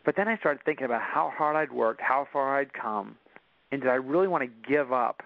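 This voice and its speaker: A man's voice: mid-range voice, lively intonation, fairly quick, gravelly, no echo. Earnest man telling a personal story. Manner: earnest, with many restarts. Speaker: guest. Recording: dull dry recording.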